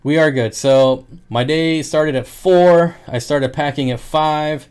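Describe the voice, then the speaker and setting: A man's voice: a little high, slow pace, a little mellow, smooth. Chatty, joking man on a livestream. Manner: chatty and joking, laughs often. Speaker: aquarium fish seller and streamer. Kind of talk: casual livestream chat.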